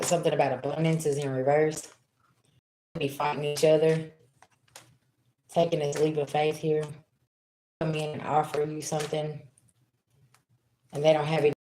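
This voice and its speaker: A woman with a lowish voice reads tarot cards live for her viewers. Her delivery is loose and chatty, and she speaks right to the audience. The sound is roomy and echoey, with faint noise behind her. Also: flat delivery, normal speed, long pauses, dark tone. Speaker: tarot reader. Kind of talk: live-streamed tarot reading.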